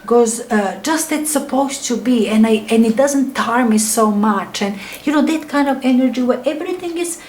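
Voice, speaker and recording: A woman's voice: on the high side, normal speed, few pauses, darkish tone, rough recording. A middle-aged woman giving a casual tarot reading in non-native English, rambling and enthusiastic, her phrases often sinking to a near whisper. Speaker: tarot reader.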